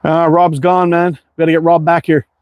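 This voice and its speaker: A worn-out man chats loosely with his viewers, his voice sitting a bit high for a man. He rambles along with frequent fillers and restarts. The sound is dry and close, with hardly any room around it. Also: flat delivery, normal speed, dry recording, muffled recording. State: tired, worn out. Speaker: livestream host reading viewer chat. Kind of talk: casual live chat while target shooting.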